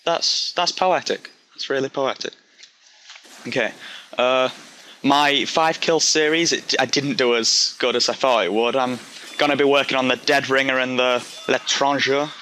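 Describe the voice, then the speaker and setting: A man's voice: medium pitch, steady tone, a little slow, pushed and bright, a little hiss or hum. A young man with a Yorkshire accent giving rambling, self-deprecating commentary over gameplay, drifting off onto tangents. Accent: Yorkshire English. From Yorkshire, England. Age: young adult. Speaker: gaming commentator. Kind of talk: casual game commentary.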